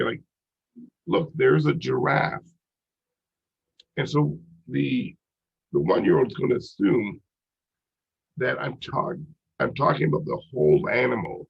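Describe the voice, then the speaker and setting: A man with a stuffy, congested voice lectures on psychology in a loose, conversational way, circling back on himself with fillers. His voice is husky and rough. The recording sounds dull and muffled. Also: medium pitch. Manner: casual, rambling with many "like" and "you know" fillers. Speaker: psychology instructor.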